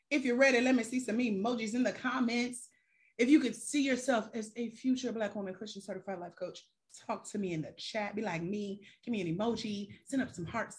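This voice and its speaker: A woman life coach on a live stream who talks straight to her viewers with casual slang and rhetorical questions. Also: a little high.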